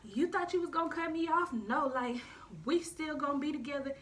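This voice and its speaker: A woman's voice: sits high, brisk, voice pushed up, lightly acted. A woman voicing a clingy young woman who refuses to accept a breakup, insistent and pleading.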